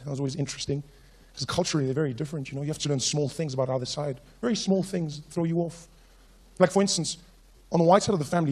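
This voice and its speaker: A young man telling stand-up comedy stories, animated and acting out characters and sound effects. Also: a little high, slightly rough. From South Africa. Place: live comedy stage.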